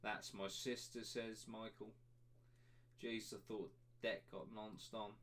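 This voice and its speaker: A man's voice: on the low side, little pitch movement, measured pace, fairly bright tone. A young man hosting a podcast, reading out chat comments in crude, jokey banter with lots of laughing. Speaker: podcast host.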